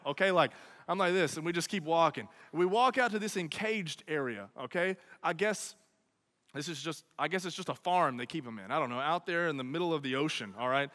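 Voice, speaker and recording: A young man tells a comic personal story to an audience, animated and constantly checking in with "okay?" and "right?". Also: sits high, in a large hall.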